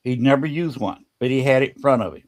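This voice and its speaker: A man hosting a podcast, telling a story in a casual, halting way and often repeating words. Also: mid-range voice, darkish tone.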